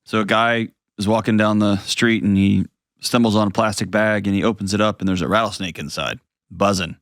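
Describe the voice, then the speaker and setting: A man's voice: lowish voice, steady tone, fairly quick, fairly bright tone, no room sound, clean studio sound. Blunt, earnest male advice host. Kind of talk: call-in advice talk.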